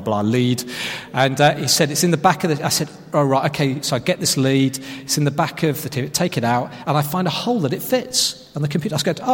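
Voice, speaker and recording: A man's voice: medium pitch, big-room sound. A man preaching a sermon, telling a self-mocking story and stressing key phrases. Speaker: pastor.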